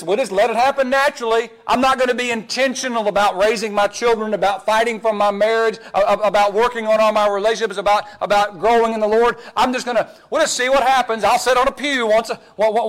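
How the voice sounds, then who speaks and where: A man preaching a sermon as pastor, emphatic and animated, often repeating words as he swings between loud pushes and hushed asides. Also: high-pitched.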